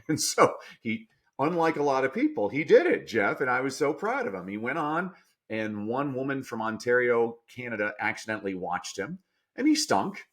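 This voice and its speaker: Energetic man telling stories emphatically. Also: normal speed. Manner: energetic, emphatic, swings between loud punchlines and low asides. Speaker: guest, speaking coach. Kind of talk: animated storytelling in a podcast interview.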